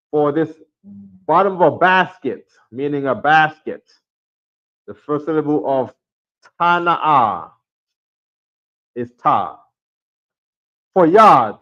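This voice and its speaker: A man's voice: on the high side, a bit bright. Man teaching, "right?" after every point. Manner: repetitive, checks in with "right?"; drops to a mutter when fiddling with the camera. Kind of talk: classroom teaching. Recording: dull lo-fi sound.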